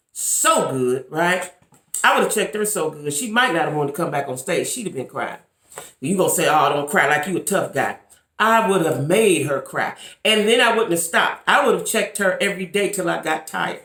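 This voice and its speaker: A woman's voice: lowish voice, fairly bright tone. Emphatic woman vlogger in a roomy echo. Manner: emphatic, repetitive, addresses viewers directly. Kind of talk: casual commentary to camera. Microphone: camera mic.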